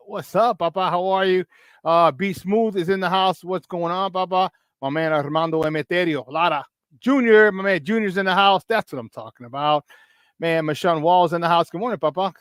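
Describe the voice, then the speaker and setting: A man hosting a casual morning sports talk show, hyped up and shouting out viewers by name, then dropping into low, tired muttering. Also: normal speed, smooth, no echo, studio quality. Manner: swings between loud excitement and low, tired muttering.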